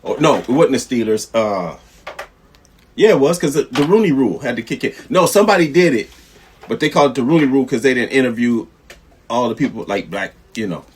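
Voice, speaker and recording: A man's voice: mid-range voice, expressive, fairly quick, slightly rough. A man co-hosting a podcast in casual chat, joking and slangy, with frequent backchannels. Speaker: podcast co-host.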